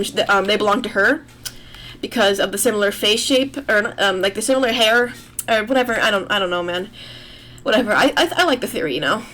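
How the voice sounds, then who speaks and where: A woman's voice: medium pitch, a bit bright. A young woman streaming as she draws, chatting in a loose, rambling and self-deprecating way at her computer. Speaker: artist streaming while drawing. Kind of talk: casual livestream chat.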